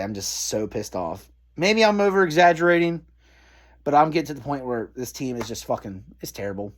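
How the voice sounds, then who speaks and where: A frustrated man in the middle of a heated fan rant, cursing often. His pitch swings widely, leaping up and dropping low as his anger rises and falls. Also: animated, a little fast. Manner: frustrated, swearing heavily. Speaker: sports fan vlogger.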